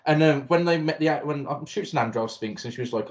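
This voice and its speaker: A man's voice: mid-range voice, quick pace, darkish tone. Sweary ranting man. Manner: sweary, ranting, repeats words while searching. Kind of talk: casual film review chat.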